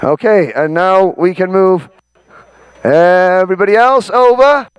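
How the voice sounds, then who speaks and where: A Welsh man from Wales hosting an event, directing a crowd with bossy jokes and shouting out names. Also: high-pitched, a little slow, smooth, muffled recording. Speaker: event host. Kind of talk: directing a crowd and calling a roll.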